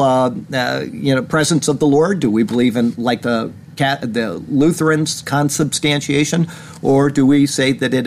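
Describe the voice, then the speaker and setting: Male pastor for a small-church sermon, earnest, voice climbs when indignant, faint hiss underneath. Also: mid-range voice. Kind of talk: sermon commentary reading news. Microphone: camera.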